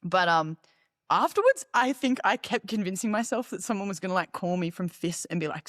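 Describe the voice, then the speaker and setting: A woman's voice: medium pitch, animated, fairly quick, fairly bright tone, no echo, clean studio sound. A young woman, a podcast guest, telling a story in casual chat, acting out quotes and laughing often. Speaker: podcast guest, ski racer.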